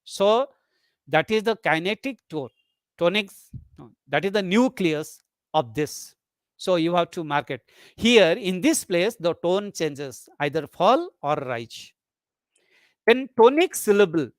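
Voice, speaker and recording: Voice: mid-range voice, very animated, takes it slowly, dry recording, studio quality. A lecturer teaching a webinar, explaining step by step, repeating key terms and reading example sentences aloud. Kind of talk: webinar lecture on English intonation. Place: online webinar.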